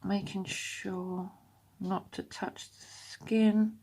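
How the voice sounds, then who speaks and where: A woman's voice: mid-range voice, steady tone, extremely slow, vocal fry, mellow, husky. A woman giving a casual step-by-step nail tutorial from her home desk, chatty and explanatory, sometimes dropping into half-whispers. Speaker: nail art vlogger.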